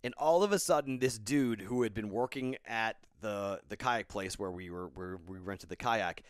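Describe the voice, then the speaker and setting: A man's voice: lowish voice, moderate pace, clean tone, dry recording, studio quality. A man in his thirties, a podcast host, telling a casual rambling story and then giving betting picks, tired and self-correcting.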